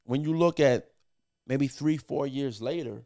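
A man's voice: medium pitch, measured pace, a crowd in the background. Brief: middle-aged male producer, podcast guest, casual profane storyteller, lots of "you know" and restarts. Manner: profane, loose, filler-heavy with many restarts.

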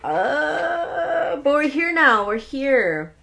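A woman's voice: high voice, very animated, extremely slow, gravelly, a bit bright, a little hiss or hum. A young woman hosting a solo podcast, telling rambling stories with lots of swearing and laughing asides. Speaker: podcast host. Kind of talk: casual solo podcast storytelling.

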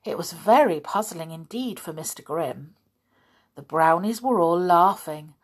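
A woman in her thirties reads a children's story aloud at an unhurried pace. She is gentle and chatty, pausing to talk straight to her young listeners. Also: lowish voice, expressive, slightly rough.

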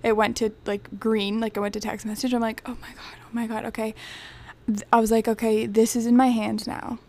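A young woman tells a story as co-host of a chatty podcast. Her voice sits a little high, and she is lively and animated. Her talk is loose and casual, and "like" turns up all the time. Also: fairly quick. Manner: animated storyteller, heavy use of "like". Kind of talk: casual chat.

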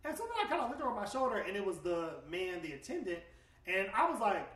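A man, hosting a podcast and telling a personal story in a candid, relaxed way. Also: high voice, fast talker, far from the mic. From Atlanta, USA. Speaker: podcast host. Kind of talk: casual podcast chat. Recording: roomy, off-mic.

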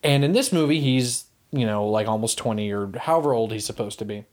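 A man co-hosting a casual podcast about movies, rambling and animated, swearing now and then. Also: medium pitch, a little fast. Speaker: podcast co-host.

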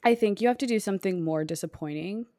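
A woman's voice: medium pitch, fast, mellow, no room sound, studio quality. A young adult woman co-hosting a podcast in casual, playful chat, giggling often and leaning on lots of "like" fillers. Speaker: podcast co-host.

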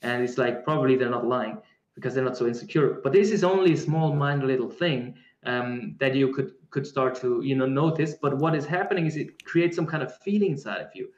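A man talks in a calm, reflective way, circling back and restarting as he searches for his words. His voice sits at an average pitch, and the recording sounds roomy and a bit dull, with the room's echo around him. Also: a little fast. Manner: searching, many restarts and fillers. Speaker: guest speaker on embodiment. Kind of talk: reflective conversational answer.

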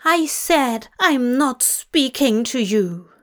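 A woman's voice: high voice, animated, slow. A woman voicing a prim, irritable male angel who speaks in clipped, huffy lines. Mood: prim irritation.

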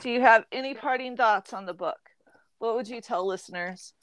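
A woman in her thirties hosting a casual book club podcast, chatty and quick to laugh. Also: on the high side, a bit bright, dry recording. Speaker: podcast host.

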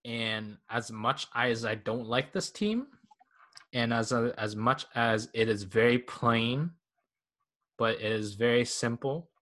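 A man hosting a podcast, judging a casual panel debate in a relaxed, rambling, slangy way. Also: mid-range voice, takes it slowly. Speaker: podcast host.

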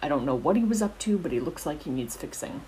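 Woman reader doing a gruff, fussing giant of a groundskeeper, low and mellow, storybook read-aloud. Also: expressive, moderate pace, a little hiss or hum, low-quality recording. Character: gruff big-hearted male groundskeeper giant.

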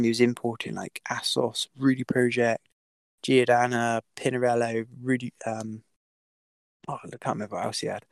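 A man's voice: medium pitch, vocal fry, no echo. A man telling a story as a podcast guest, with many fillers, restarts and the odd swear word. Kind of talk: casual storytelling.

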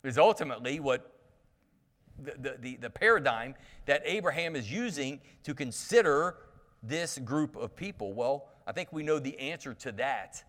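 A man's voice: mid-range voice, animated, normal speed, a bit bright, in a large hall. A male pastor preaching a sermon, reading scripture aloud and then explaining it in a folksy, conversational way with frequent restarts.

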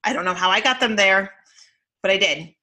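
Speaking at medium pitch and a little fast, a woman in her thirties co-hosts a podcast and chats casually. She spins animated stories packed with fillers.

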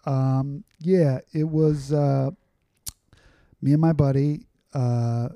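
Man, casual podcast guest, very dark mellow voice, rambling with lots of fillers, dry close sound. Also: medium pitch, fairly even intonation, slow pace, no echo. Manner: rambling, filler-heavy, candid. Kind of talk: casual conversational storytelling.

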